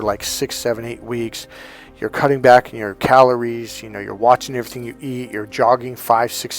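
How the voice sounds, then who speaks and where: A man coaching viewers in a casual monologue, acting out quoted dialogue as he tells stories. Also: medium pitch. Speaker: life coach.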